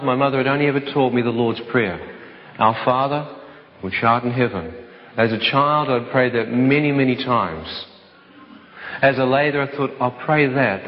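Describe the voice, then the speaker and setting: A man giving an earnest personal testimony to an audience, slowing right down whenever he quotes a prayer. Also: mid-range voice. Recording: dull sound with long hall reverb.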